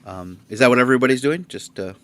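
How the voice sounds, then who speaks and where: A man narrating a tabletop game as game master, halting with many fillers. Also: medium pitch, fairly bright tone.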